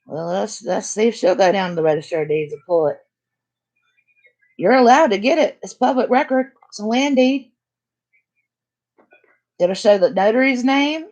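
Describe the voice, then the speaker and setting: A woman's voice: medium pitch, lively intonation, normal speed, long pauses, darkish tone. An older woman hosting a casual chat, talking bluntly and emphatically. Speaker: channel host.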